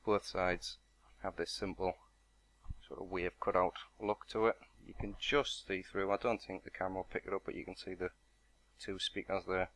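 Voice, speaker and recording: A man's voice: sits low, little pitch movement, normal speed, a bit bright. A man narrating an unboxing and product walkthrough in a matter-of-fact, explanatory way. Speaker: product reviewer.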